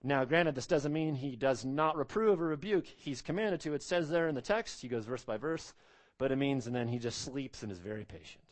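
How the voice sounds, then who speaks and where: A man's voice: medium pitch, brisk. A man preaching an expository sermon, emphatic, repeating phrases and asking rhetorical questions.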